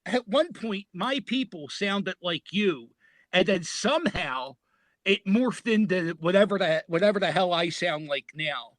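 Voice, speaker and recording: An American man with a Philadelphia accent, a podcast guest chatting casually and telling stories in an animated way. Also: high voice, a little slow, no room sound. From United States. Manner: animated storyteller, laughs often. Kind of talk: casual chat.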